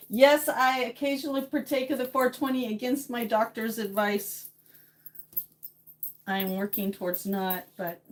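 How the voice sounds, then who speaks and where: A middle-aged woman from New England, hosting a casual livestream chat with viewers, playful and laughing often. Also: medium pitch. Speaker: livestream host chatting with viewers.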